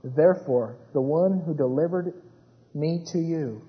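A man preaching a sermon with dramatic swings between hushed retellings and rising intensity. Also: fairly high pitch, measured pace. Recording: dull sound with long hall reverb.

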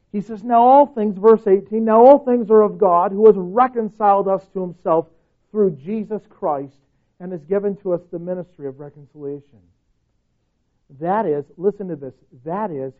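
A male pastor preaching a sermon with passion, swinging from loud urgent pleading to quiet intensity and repeating phrases for emphasis. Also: high voice. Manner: passionate, swings from shouting to near whisper. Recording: tinny phone-like audio.

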